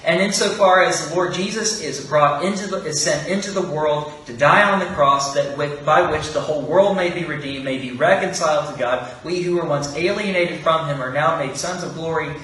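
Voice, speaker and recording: A man's voice: on the high side, normal speed, hardly any pauses, fairly bright tone. A man preaching an earnest sermon, asking rhetorical questions and acting out quoted speech. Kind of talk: expository sermon. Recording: very echoey room, voice from far off, faint background noise.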